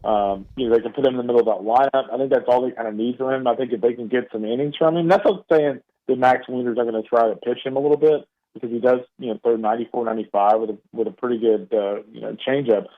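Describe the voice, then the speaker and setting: A man's voice: medium pitch, steady tone, fast talker. A man with an East Texas drawl, a baseball analyst giving radio interview commentary with loose, filler-heavy talk and frequent restarts. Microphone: phone call into studio. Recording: phone line.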